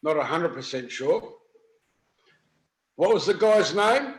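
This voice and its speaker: A man in a casual podcast chat who speaks slowly and hesitantly, in a slightly high voice. He sounds like he is in an echoey room. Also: lively intonation.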